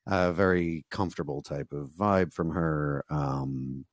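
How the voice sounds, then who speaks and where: A man's voice: very deep voice, unhurried, no echo, clean studio sound. A man with a New York accent, co-hosting a casual recap chat with joking, sarcastic asides and a polished voiceover delivery. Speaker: podcast co-host.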